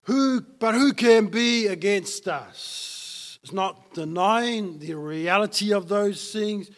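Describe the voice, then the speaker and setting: A man's voice: high-pitched, slow. A man preaching a sermon as pastor, emphatic and fond of repeating key lines for effect.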